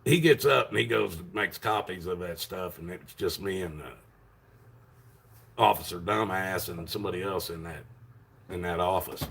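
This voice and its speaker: A man loudly retelling a story to his channel viewers, rambling with many fillers and restarts. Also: low voice, moderate pace, creaky, a little hiss or hum. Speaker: vlogger. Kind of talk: casual storytelling to camera.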